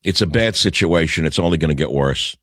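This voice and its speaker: A man's voice: rumbling low, fairly quick, a bit bright, no room sound. An older man hosting a talk radio show, reading headlines aloud and answering each with sarcastic, scornful asides.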